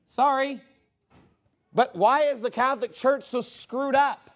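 A man's voice: very high voice, moderate pace. A man delivers a sermon from the pulpit. He is emphatic and rhetorical, firing questions at the congregation and mocking objections in quoted voices. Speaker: pastor.

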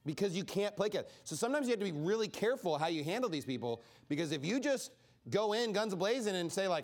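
A man's voice: high voice, quick pace. A man teaching an informal Bible study sermon in a casual way, acting out the people he quotes. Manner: animated, acts out quoted speakers; casual, many "like" fillers.

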